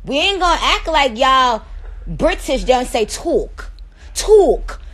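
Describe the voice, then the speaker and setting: New york woman on a phone live, sassy, slow and drawling, voice swings up and down a lot. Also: high voice, animated, bright, forceful tone, rough recording. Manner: sassy, playful, drawn-out words. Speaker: livestream host. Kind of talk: casual livestream chat to viewers.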